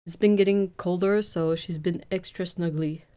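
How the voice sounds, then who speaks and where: A woman's voice: on the low side, steady tone, moderate pace, warm tone. A woman chatting casually on a live stream from her home painting desk, rambling with frequent restarts. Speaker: art streamer.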